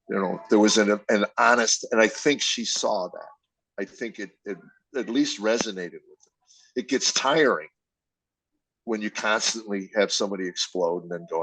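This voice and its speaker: Older man, deep dry confessional voice. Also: moderate pace, a bit bright, breathy edge, dry recording, low-quality recording. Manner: emotional, confessional, acts out quoted dialogue. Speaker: comedian guest. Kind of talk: candid personal storytelling.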